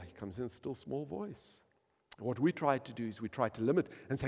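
A man preaching a sermon, swinging from hushed, quiet lines to loud, emphatic peaks. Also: mid-range voice, animated, brisk, gravelly. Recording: long hall reverb.

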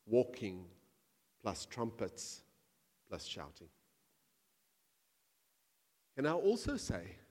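A man preaching a sermon to his church, animated and humorous, acting out imagined voices and asides. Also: medium pitch, big-room sound. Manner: animated, acts out quoted voices, jokes with the congregation. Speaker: pastor.

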